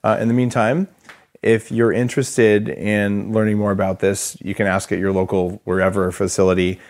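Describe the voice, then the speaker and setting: Relaxed, lower-voiced male podcast host. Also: normal speed. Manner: relaxed, filler-heavy, enthusiastic about gadgets. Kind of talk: casual interview and studio walkthrough.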